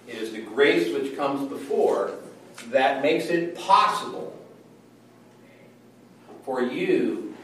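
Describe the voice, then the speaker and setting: A man's voice: mid-range voice, recorded from a distance, a little hiss or hum. A man teaching a Bible study in a conversational way, often checking in with his listeners. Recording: echoey room from afar.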